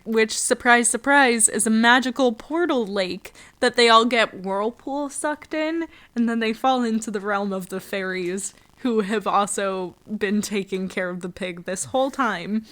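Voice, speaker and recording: A woman's voice: fairly high pitch, a little slow, few pauses, fairly bright tone. A woman co-hosting a casual podcast, retelling a film's plot in a giggly, playful, joking way. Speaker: podcast co-host. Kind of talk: casual movie review chat.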